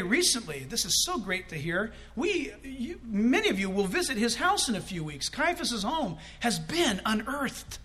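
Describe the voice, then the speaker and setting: A high-pitched male pastor preaches an animated, conversational sermon in a church, tossing quick asides to the congregation.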